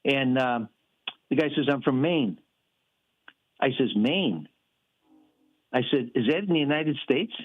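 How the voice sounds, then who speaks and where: A man's voice: mid-range voice, animated, unhurried, long pauses, a little hiss or hum. Folksy male caller on a phone line. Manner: rambling, folksy, many fillers. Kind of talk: phone-in storytelling. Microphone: telephone.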